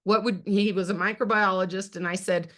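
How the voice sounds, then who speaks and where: A middle-aged woman talks through her own story on a team video call, earnest and plain-spoken. Her voice sits at an ordinary middle pitch for a woman. She keeps turning to her listeners as "you guys.". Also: steady tone, fairly quick, fairly bright tone. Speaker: direct sales team leader sharing her story. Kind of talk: personal testimony on a team call.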